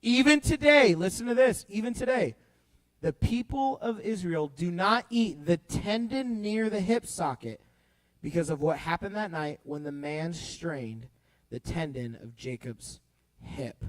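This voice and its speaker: A young man leading a youth group Bible talk, playful and animated, swinging between loud bursts and hushed storytelling. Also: high-pitched, measured pace, no echo, poor audio. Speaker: youth pastor.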